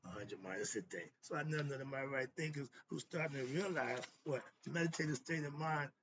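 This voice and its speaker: A man's voice: mid-range voice, fairly quick, dull audio, noisy background. A man hosting a philosophy monologue, talking in casual slang and ranting fiercely as he preaches. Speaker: host.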